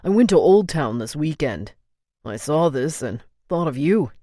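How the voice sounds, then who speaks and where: A woman's voice: low-pitched, sing-song, a little slow, dark tone, no room sound, studio quality, exaggerated voice. A woman voicing a smug eighteen-year-old boy who talks in a casual, smirking way.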